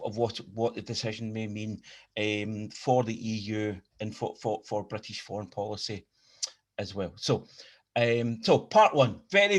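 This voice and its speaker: Glaswegian man giving a lecture. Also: mid-range voice. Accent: Glaswegian Scottish. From Scotland. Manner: repeats words and restarts often while explaining. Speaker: guest lecturer. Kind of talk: academic lecture.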